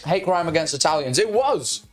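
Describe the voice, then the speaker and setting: A young man telling a story loudly and excitedly as the host of a casual stream, swearing freely. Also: a little high, normal speed, faint music behind. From United Kingdom. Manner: loud, animated storyteller who swears freely. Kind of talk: casual chat.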